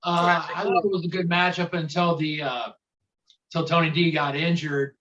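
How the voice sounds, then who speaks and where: A hesitant man rambles through his wrestling thoughts with many restarts. His voice sits a little high and comes through a dull, lo-fi mic. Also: steady tone, normal speed, a bit bright, a little hiss or hum. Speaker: podcast co-host. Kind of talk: casual wrestling talk.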